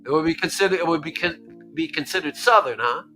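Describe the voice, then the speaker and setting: An American man hosting a stream, talking in a casual, animated way that keeps repeating words. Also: a little high, fast, faint music behind. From United States. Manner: animated, excitable, repeats words, laughs often. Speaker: stream host. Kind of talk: casual chat.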